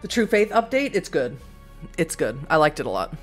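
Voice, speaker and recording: Streamer, female, low voice, bubbly casual chat over faint music. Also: normal speed. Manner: bubbly and excitable, reads narration with gentle emphasis. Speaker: streamer playing a text game. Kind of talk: casual let's-play chat and reading aloud.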